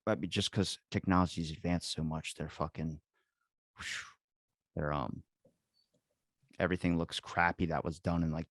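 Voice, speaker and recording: A man's voice: sits low, no room sound, clean studio sound. A man hosting a podcast, telling a story in rambling, profane casual chat over a video call. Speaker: podcast host.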